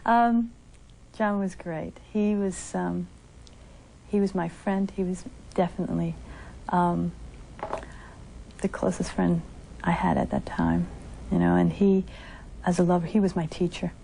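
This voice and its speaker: A woman's voice: fairly low pitch, unhurried, creaky, long pauses, a little hiss or hum. Woman telling a story, playful quotes. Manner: acts out quoted dialogue with lively shifts. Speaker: interviewee recounting her past. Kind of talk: candid storytelling interview.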